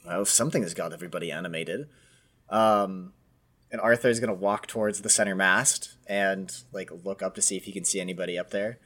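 A man's voice: low voice, steady tone, brisk, a bit bright. Casual, hesitant male player. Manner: casual, hesitant, thinking aloud. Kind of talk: tabletop role-play.

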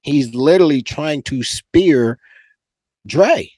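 A man's voice: takes it slowly, no echo, studio quality. A man in his forties from California, a former football player co-hosting a podcast, telling a story in casual chat and acting out quotes with big jumps in his voice. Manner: animated, acts out quotes with big pitch jumps, laughs often.

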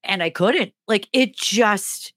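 A woman's voice: medium pitch, takes it slowly, no room sound, clean studio sound. A middle-aged woman co-hosting a podcast, telling a funny story in a casual way and acting out the voices in it. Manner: animated, acts out the voices in her stories. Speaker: podcast co-host.

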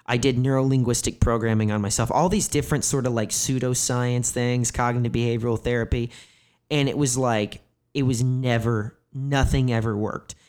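A man in his thirties, a guest comedian, shares frank stories in a meandering, profane way, leaning heavily on the filler "like." He speaks at a normal speed in a smooth, slightly mellow mid-range voice with a steady tone.

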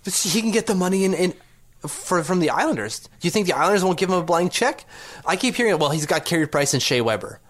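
A man hosts a casual sports podcast. He rants with sarcastic, exasperated rhetorical questions, in a fairly high voice. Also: animated, fast, a bit bright. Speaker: podcast host.

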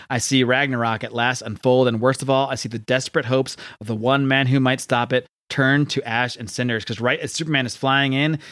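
A man talks through a comic book plot in a loose, rambling recap, full of fillers and quick paraphrased dialogue. His voice sits in an ordinary middle register. The recording is dry and close, with no room sound. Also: medium pitch, a bit bright, no room sound.

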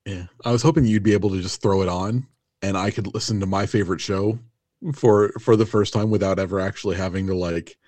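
A man co-hosting a podcast, asking relaxed questions and reacting briefly to his friend. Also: deep voice, brisk, no room sound. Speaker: podcast co-host. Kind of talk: casual podcast chat.

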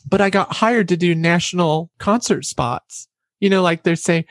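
A woman guest in a casual interview, telling quick anecdotes with a trained, deliberately raised voice and acting out what others said. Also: on the low side, dry recording, clean studio sound. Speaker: interview guest, former announcer and vocal coach.

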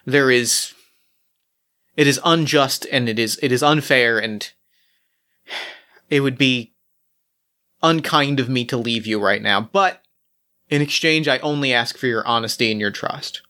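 A man playing Orpheus as a kind, earnest hero, speaking solemnly with many halting restarts. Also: medium pitch, sharp tone. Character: Orpheus, earnest gentle male hero, merciful.

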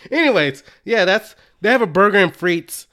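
A man's voice: high voice, lively intonation, normal speed, sharp tone. A young man co-hosting a podcast in casual chat, laughing often and poking fun at himself. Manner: laughs often, self-deprecating, spells out words. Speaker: podcast co-host.

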